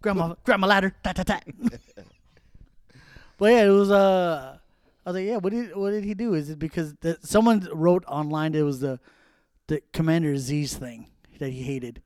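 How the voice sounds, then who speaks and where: A man's voice: fairly high pitch, normal speed, clear, resonant tone, no echo, studio quality. A man co-hosting a podcast, joking casually about wrestling and laughing a lot. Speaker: podcast co-host.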